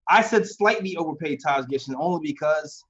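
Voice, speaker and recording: A man's voice: on the high side, fairly quick, breathy edge. A man co-hosting a sports podcast, chatting casually and laughing often as he talks about basketball. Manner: laughs often, relaxed banter. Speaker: podcast co-host. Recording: slightly dull, lo-fi audio.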